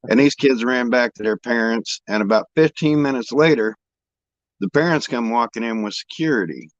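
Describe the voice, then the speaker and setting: A man's voice: mid-range voice, moderate pace, no echo. Man, casual chat, rambling anecdotes, swears freely, dry close sound, slightly dull. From Indianapolis, United States. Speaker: storyteller in a chat.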